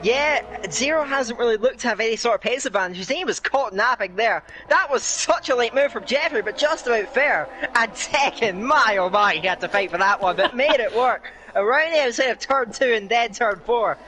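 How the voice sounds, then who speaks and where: A man giving live play-by-play commentary on a sim racing league, excitable as the action heats up. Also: very high-pitched, normal speed, hardly any pauses, slight background noise. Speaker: race commentator.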